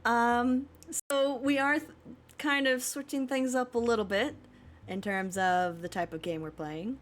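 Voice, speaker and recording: A woman streaming a video game live, chatting casually with a giggly manner and reading the game text aloud. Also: on the high side.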